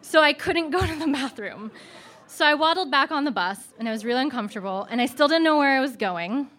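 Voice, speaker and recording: A woman telling a personal story live, animated and self-mocking. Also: high voice, a little fast. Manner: animated, self-mocking, laughing through the funny parts.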